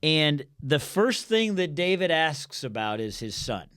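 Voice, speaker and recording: A man co-hosting a casual Bible study podcast, reading scripture and acting out the characters in quick, animated voices. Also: on the high side, clean tone.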